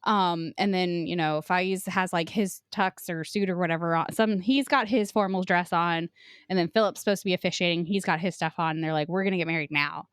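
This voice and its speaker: A woman's voice: lowish voice, brisk, clean tone, dry recording. Chatty woman podcast host, dry sound. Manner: retells plots loosely with frequent "like" and swearing. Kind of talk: casual book discussion.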